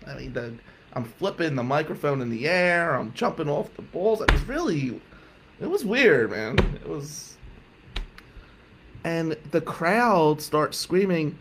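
A man spins a long comic anecdote, acting out each person's lines with sudden leaps in pitch and bursts of volume. His slightly high voice has a gravelly edge, and a faint noise sits underneath. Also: measured pace. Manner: animated, acts out quotes with jumps in pitch and loudness. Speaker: storyteller. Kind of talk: comedic anecdote.

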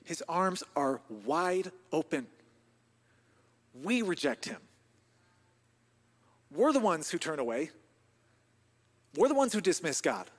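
A man with a high voice preaches with passion, moving between hushed, near-whispered lines and ringing emphasis. His sermon rings out with the long reverb of a large church hall. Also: sing-song, takes it slowly, pauses often. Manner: impassioned, swings from hushed to loud. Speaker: pastor.

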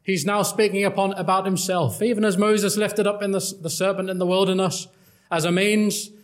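A man's voice: sits high, steady tone, normal speed. Earnest man preaching. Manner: earnest, emphatic preaching, quoting old-style scripture. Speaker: gospel preacher. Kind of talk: gospel sermon.

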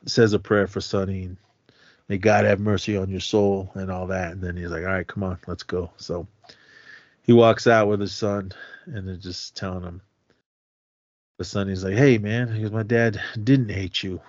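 Lower-voiced man casually recapping a film. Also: steady tone, moderate pace, darkish tone, dry recording, lo-fi sound. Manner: rambling retelling, acting out lines with "he goes". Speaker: podcast co-host.

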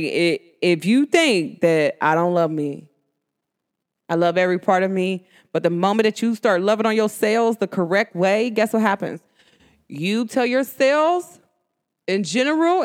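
A woman with a New York and New Jersey accent hosting a podcast, talking in a casual solo monologue, emphatic and slangy, with big swings in pitch. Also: animated, unhurried, smooth. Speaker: podcast host.

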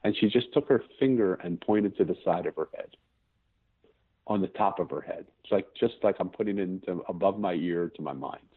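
A man's voice: deep voice, a little fast, breathy edge. A man in his fifties, an interview guest, telling a personal story in an earnest way, often restarting sentences as he searches for words. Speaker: podcast guest. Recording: tinny phone-like line.

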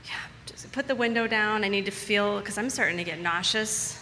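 A woman's voice: medium pitch, moderate pace, bright, forceful tone, big-room sound, slight background noise. A woman telling a personal story to a live audience in a casual, chatty way, repeating words for emphasis.

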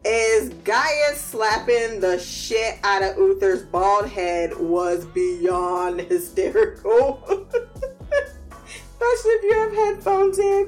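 Slow-talking, animated woman recapping. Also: sits high. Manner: animated, acts out characters' lines, laughs often; slangy, swears casually. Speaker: episode recap vlogger. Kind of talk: casual recap.

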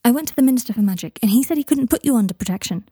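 A woman voicing an earnest, gentle young wizard man who speaks softly, in a storybook reading. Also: on the high side, lively intonation, rapid-fire, breathy edge, no room sound, clean studio sound, voice pushed up.

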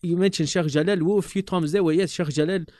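A man, telling stories from his student days in a casual, animated way, often repeating himself and dropping in Arabic religious terms. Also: high voice, fast, no echo, studio quality. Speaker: podcast guest recalling his teachers. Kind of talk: casual storytelling chat.

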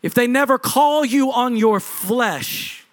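High-voiced preaching man, punchy. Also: takes it slowly. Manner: preachy, punchy repetition, shifts pitch and loudness for emphasis. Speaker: lead pastor. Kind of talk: sermon.

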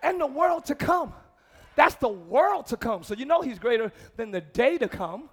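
A man preaching a live church sermon, shouting call-and-response lines to the congregation and laughing between exhortations. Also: extremely high pitch, very animated, moderate pace. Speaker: pastor.

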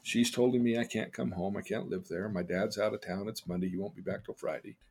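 An older man, a podcast host, earnestly telling personal stories, his voice swinging between loud and hushed. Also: on the low side, steady tone, brisk, slightly rough. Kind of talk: personal storytelling.

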